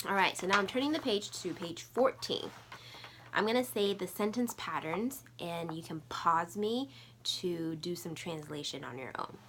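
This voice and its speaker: A woman with a somewhat low voice leads a recorded language lesson. She explains patiently and step by step, saying each practice phrase slowly several times so learners can follow. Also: fairly bright tone. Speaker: Mandarin teacher. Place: United States.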